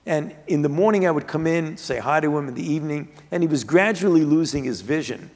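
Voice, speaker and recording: An older man, a physician and author, telling his story earnestly in a measured way, often restarting his sentences, during an interview on stage before a live audience. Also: a little high, animated, a little mellow. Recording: reverberant hall.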